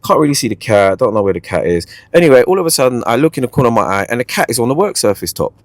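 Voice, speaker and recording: A man hosting a podcast, telling a dating story in a playful, animated way and repeating his own catchphrases. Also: mid-range voice, rapid-fire, dry recording. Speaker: podcast host. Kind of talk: casual storytelling chat.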